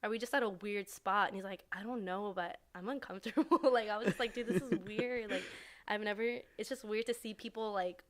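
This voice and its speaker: A woman's voice: mid-range voice, brisk. A young woman from the San Francisco Bay Area, a podcast guest telling a story in casual chat and acting out what people said. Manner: animated storyteller who acts out quoted dialogue, heavy use of "like".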